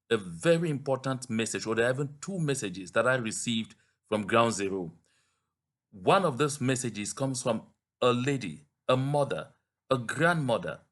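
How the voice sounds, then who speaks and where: A man speaking earnestly and solemnly to his supporters in a video message, slowly retelling a story he was told. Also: medium pitch. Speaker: activist video commentator. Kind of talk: direct-to-camera address.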